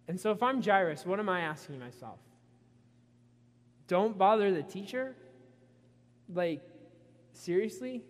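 A man preaching a sermon, retelling a story with animated asides and voicing the characters' frustration. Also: high-pitched. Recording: long reverb in a hall.

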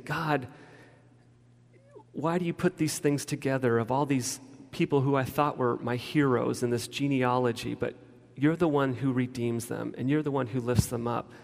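With a creaky, mid-range voice held at a steady tone and moderate pace, a man preaches as a pastor. It's a conversational sermon of informal stories and frequent restarts, echoing with a large hall's long reverb.

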